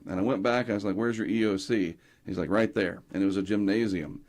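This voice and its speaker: Middle-aged man from North Carolina, interview guest; low-ish voice, chatty storyteller who acts out the quotes. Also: fast, few pauses. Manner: animated anecdotes, acting out quotes. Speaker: guest, hurricane tracker.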